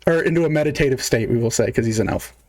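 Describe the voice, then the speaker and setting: A man's voice: medium pitch, lively intonation, very fast, darkish tone. A man narrating as game master in a casual, filler-heavy way, counting moves aloud.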